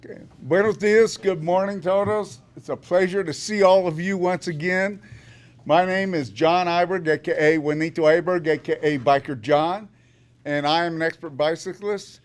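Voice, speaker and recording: An older man with a high voice gives public comment at a meeting. He is chatty, upbeat and joking. He speaks into a podium microphone in a meeting room. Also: normal speed, clean tone.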